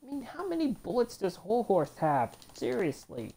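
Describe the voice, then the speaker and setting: A woman's voice: fairly high pitch, sing-song, normal speed, vocal fry, warm tone, breathy edge. A woman casually commenting on a fighting game as she plays, reading move descriptions aloud and groaning when she loses. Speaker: gameplay commentator. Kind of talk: casual let's-play commentary.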